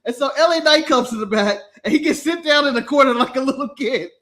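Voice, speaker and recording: A man co-hosting a podcast, chatting casually, animated and often laughing as he mimics people. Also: very high voice, fast. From United States. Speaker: podcast co-host.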